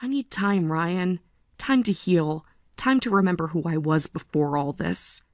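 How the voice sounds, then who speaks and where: A woman in her forties playing a tired but resolute mother in a text-story drama, speaking in a calm, measured way. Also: on the low side, dry recording, studio quality. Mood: calm resolve. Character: weary, resolute mother leaving her family.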